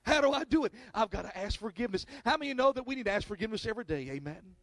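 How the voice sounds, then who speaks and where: A male pastor preaching a sermon, with sudden shouted bursts and call-and-response with the congregation. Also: sits high, expressive, rapid-fire, no room sound. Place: church, recorded on video.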